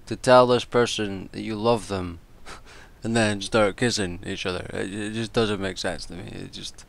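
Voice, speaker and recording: Gravelly man ranting casually. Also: on the low side, fairly even intonation, a little slow. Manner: exasperated, swears freely, rambling with restarts. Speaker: wrestling commentator and vlogger.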